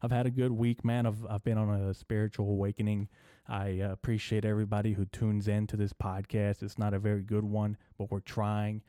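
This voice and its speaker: A young man hosting a comedy podcast, rambling through a profane, deadpan monologue full of filler words. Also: fairly low pitch, fairly quick, no echo, studio quality. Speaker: podcast host.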